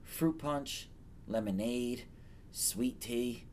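A man's voice: mid-range voice, very slow, darkish tone, a little hiss or hum. A man co-hosting a podcast, chatting casually and stating firm opinions emphatically. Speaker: podcast co-host. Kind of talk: casual chat.

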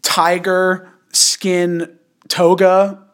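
A man's voice: sits high, monotone, drawn-out words, a bit bright. A man hosting a casual podcast, rambling with loose, slangy talk and frequent laughter. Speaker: podcast host.

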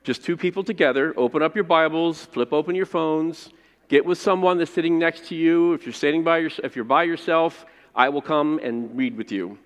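A man preaching a sermon as pastor, reading scripture and praying, rising to loud emphasis and dropping to hushed phrase endings. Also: fairly high pitch, normal speed. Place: church sanctuary. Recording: long reverb of a large hall.

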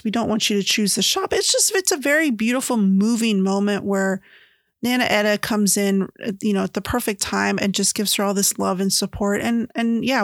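A woman talks through a book and its movie in a loose, chatty way, full of filler words. Her voice sits at a middle pitch. The recording is dry and close. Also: no echo. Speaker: book reviewer. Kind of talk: casual chat.

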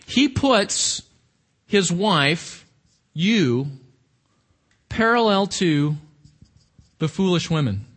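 A man's voice: sits high, very animated, very slow, long pauses, a bit bright. A man preaching a sermon in a conversational, emphatic way, with rhetorical questions to his listeners.

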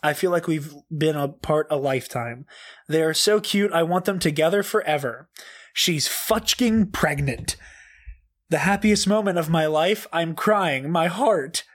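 A high-pitched man reads aloud with slow, drawn-out delivery and theatrical outrage. He swears freely and breaks into laughter often. His desk mic sits pushed back and turned down. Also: fairly bright tone. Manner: profane, over-the-top and laughing often. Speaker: comedic reader. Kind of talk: dramatic comedic reading.

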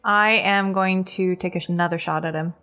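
A woman's voice: fairly low pitch, steady tone, fairly quick, sharp tone. A woman playing a tabletop game, blunt and joking. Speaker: player. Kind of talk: casual tabletop play.

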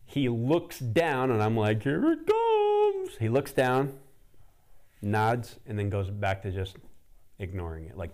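Low-voiced guy preaching, loose chatty storytelling, lots of "like"s. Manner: casual, animated storyteller using many fillers. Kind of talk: sermon storytelling.

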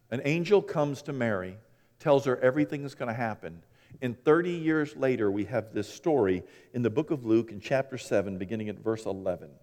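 A man preaching a sermon, telling folksy stories and swinging between hushed and loud, animated delivery. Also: medium pitch. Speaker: pastor. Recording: long hall reverb.

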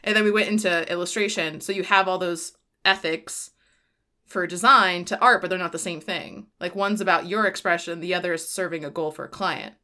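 A woman's voice: fairly low pitch, steady tone, a little fast, pushed and bright. A woman hosting a podcast in casual chat, rambling with lots of "like", laughing and swearing freely. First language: Spanish. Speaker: podcast host.

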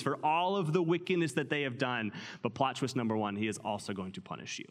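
A man preaching a sermon as pastor, reading scripture aloud and then explaining it in an animated, conversational way. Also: medium pitch, fast, hardly any pauses, long reverb tail. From United States.

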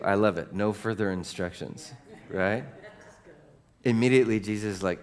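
A middle-aged male pastor preaching a sermon in a lively storytelling way, with casual conversational asides. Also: on the low side, normal speed.

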